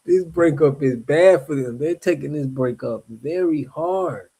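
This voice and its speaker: A man's voice: mid-range voice, a little slow, vocal fry, few pauses, warm tone, husky. Laid-back man hosting a live stream. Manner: laid-back, slangy, affirming. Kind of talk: casual live stream chat.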